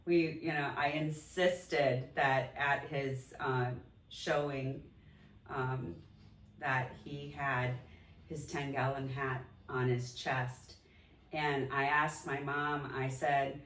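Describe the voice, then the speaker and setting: Woman co-host, low voice, reflective and halting, echoey room, far from the mic. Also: fairly even intonation, fairly bright tone. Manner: reflective, with many fillers. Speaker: podcast co-host. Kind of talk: heartfelt conversation about grief.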